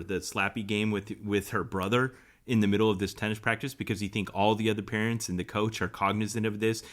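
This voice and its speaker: A middle-aged man co-hosting a casual podcast, his voice low in pitch. The tone is bright and forceful. He chats in a wry, reassuring way. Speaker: podcast co-host.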